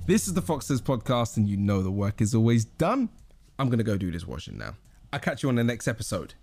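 A man's voice: on the low side, wildly swooping pitch, fairly quick, creaky. Rambling young southern English man. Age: young adult. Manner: rambling, lots of restarts and slang. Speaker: podcast host. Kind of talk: casual solo podcast chat.

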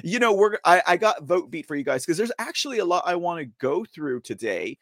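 A man's voice: sits high, sing-song, a little fast, fairly bright tone, no echo. A man hosting a political talk show, theatrical and repetitive, rallying his audience. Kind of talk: casual political commentary.

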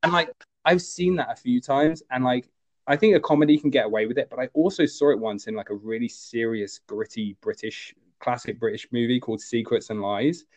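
A man casually discussing a film as a podcast co-host, animated and full of fillers. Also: brisk. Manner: animated, jumps to high voices when quoting characters.

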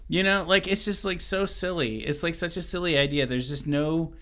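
Bright, animated male podcast co-host. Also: fairly high pitch, moderate pace. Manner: animated, joking storyteller, swears freely. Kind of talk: casual chat.

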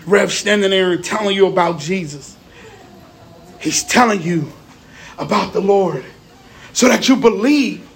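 A man preaching a lively, conversational Easter sermon, often repeating words as he builds his points. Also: sits high, measured pace, pauses often.

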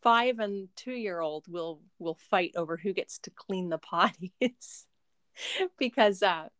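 A woman's voice: on the low side, slow pace, fairly bright tone, no echo, clean studio sound. A young woman, a homeschooling mother, chatting in an interview with a rambling, filler-heavy way of talking. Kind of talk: casual interview chat.

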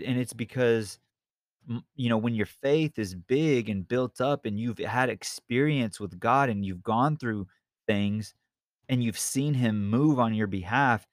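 A man's voice: medium pitch, no echo, studio quality. A man teaching the Bible informally, earnest and rambling, with many restarts and asides. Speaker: Bible study podcast host.

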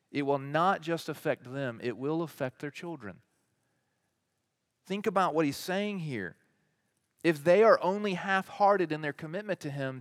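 A man preaching a sermon as teaching pastor, building to emphatic peaks and then dropping soft, with repeated rhetorical lists. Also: fairly high pitch.

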